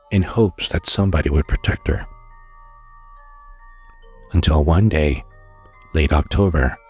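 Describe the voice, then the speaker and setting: A man narrating a scary story in a slow, hushed storytelling manner, with occasional stumbles. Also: low voice, husky.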